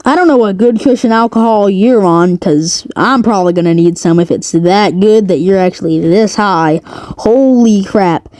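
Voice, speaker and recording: A woman's voice: mid-range voice, normal speed, hardly any pauses, a little mellow. A woman giving a rambling, sarcastic commentary rant as a video creator. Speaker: commentary youtuber. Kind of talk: ranting commentary.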